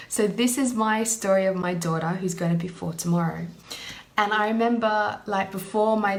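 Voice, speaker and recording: A woman's voice: lowish voice, vocal fry. Woman telling a heartfelt personal story. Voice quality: emotional, earnest. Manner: frequent "you know" fillers, lively retelling.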